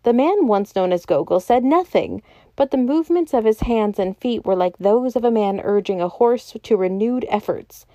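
A woman podcast storyteller reading a classic novel aloud in a calm, even voice. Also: a little high, dry recording. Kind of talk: scripted narration of a classic novel.

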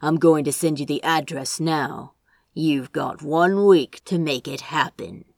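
A woman voicing a rough-voiced male kidnapper who speaks in curt, demanding lines in a story reading. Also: deep voice, unhurried, dry recording, studio quality, full character voice. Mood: menacing. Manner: clipped, demanding.

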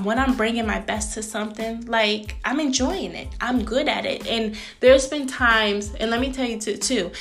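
Animated woman hosting a faith podcast. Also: a little high. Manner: warm, preachy, addresses listeners as sis; animated, frequent laughs, acts out greetings. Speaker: podcast host. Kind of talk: faith-based motivational podcast talk.

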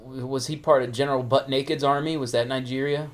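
A man's voice: medium pitch, steady tone, quick pace. A man co-hosting a podcast, chatting casually with sarcastic, profane remarks while watching a show. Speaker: podcast co-host.

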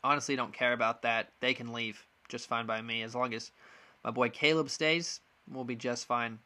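A man's voice: mid-range voice, fairly even intonation, moderate pace, sharp tone. A young man hosting a sports podcast, giving a frank, frustrated opinion monologue with lots of ums and restarts.

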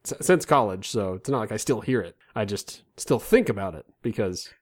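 Animated self-mocking man joking around. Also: lowish voice, moderate pace. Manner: self-deprecating, animated storyteller with put-on voices. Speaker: podcast co-host. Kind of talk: comedic banter.

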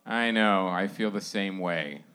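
A man hosting a podcast live, reading sponsor shout-outs in a loose, laughing, informal way. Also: sits low, a little slow, clean tone. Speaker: podcast host. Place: live show venue.

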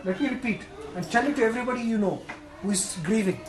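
A man preaching a sermon as pastor. He swings between loud, emphatic exhortation and quiet, intimate storytelling. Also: high-pitched, fast talker, reverberant, music in the background, poor audio.

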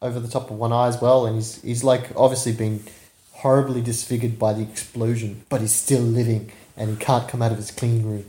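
A man with a mellow, darker voice loosely retells a film's plot, dropping "uh" between clauses. His pitch stays mid-range. The room around him carries a roomy echo. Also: little pitch movement, brisk. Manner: loose retelling with fillers and chuckles. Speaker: podcast co-host reviewing a film. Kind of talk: casual chat recapping a movie.

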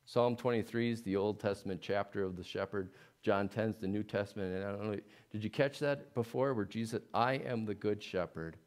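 A man's voice: on the low side, fairly quick, few pauses. Male pastor, sermon delivery, earnest, builds to pleading emphasis, eases back down. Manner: earnest, rising to emphatic pleading, then dropping soft.

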